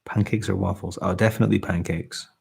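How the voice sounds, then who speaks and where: A man born in England and raised in Scotland, hosting a late-night ASMR live stream, speaking softly and humbly as he reads out viewer comments. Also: low voice, steady tone, quick pace, gravelly, husky. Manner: soft, warm and humble, often trailing off. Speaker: ASMR channel host. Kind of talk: soft-spoken live stream chat, reading comments.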